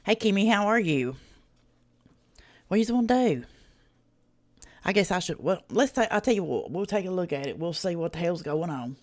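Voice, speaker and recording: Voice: medium pitch, animated, normal speed, pauses often. A host runs a casual reaction livestream. The talk is folksy and drawling, loose and peppered with swearing. Viewers get greeted by name between remarks.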